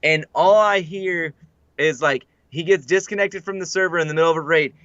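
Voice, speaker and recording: A young man with a high-pitched voice co-hosts a relaxed podcast chat, rattling off stories with heaps of "like" fillers. The sound is dry and close, with a slightly dull, lo-fi mic. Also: brisk, dry recording. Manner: animated storyteller, heavy "like" fillers. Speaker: podcast co-host.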